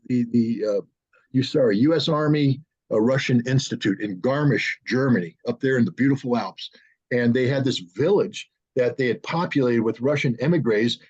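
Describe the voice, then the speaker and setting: A man in his sixties, an interview guest, telling animated stories with frequent restarts and acting out what others said. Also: mid-range voice, slightly rough. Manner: animated storyteller who acts out others' lines, with frequent restarts. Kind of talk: casual anecdotal storytelling. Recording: dull lo-fi audio.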